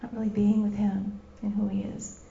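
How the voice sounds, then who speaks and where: A woman's voice: mid-range voice, monotone, moderate pace, gravelly, warm tone, slight background noise. A woman preacher giving an impassioned sermon, repeating her phrases and acting out scenes as she goes. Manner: impassioned, repetitive, acts out scenes. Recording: dull lo-fi recording.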